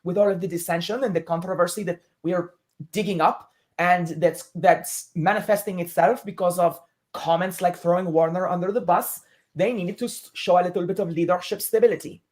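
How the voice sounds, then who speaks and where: A woman co-hosting a casual sports talk show, measured and analytical, drawing comparisons to the military. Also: fairly low pitch, steady tone, darkish tone. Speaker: co-host.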